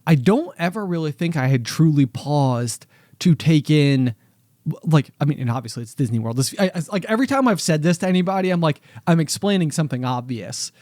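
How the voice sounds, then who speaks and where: Rambling man, fairly high voice. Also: expressive, brisk, darkish tone, no echo, studio quality. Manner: rambling, with many fillers and restarts. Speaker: podcast co-host. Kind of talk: casual chat.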